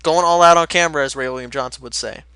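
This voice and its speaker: Bright-voiced energetic teen gamer. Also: male voice, a little high, fast, clear, resonant tone, no echo. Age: late teens. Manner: energetic, rambling and chatty. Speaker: Let's Play host. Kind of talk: casual gameplay commentary.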